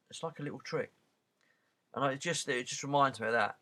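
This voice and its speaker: A man's voice: mid-range voice, pushed and bright. Man reading aloud with rambling asides. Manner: halting, with many restarts and repeated words. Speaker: reader and commentator. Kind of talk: reading a book aloud with casual commentary.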